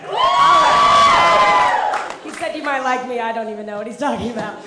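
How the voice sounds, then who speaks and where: A woman's voice: a little high, very fast, heavy background noise. A young woman performing a stand-up set in a comedy club, talking in a chatty way full of "like" and laughing at her own jokes. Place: comedy club with live audience. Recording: echoey club with crowd. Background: audience laughter.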